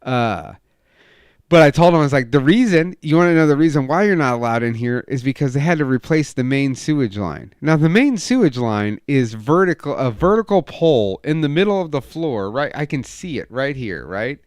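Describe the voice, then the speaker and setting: A young man on a casual podcast, telling a heated story full of swearing and acting out quoted lines loudly. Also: normal speed, clean tone, no echo, studio quality. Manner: profane, animated storytelling, acts out quotes with loud raised pitch. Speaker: podcast co-host.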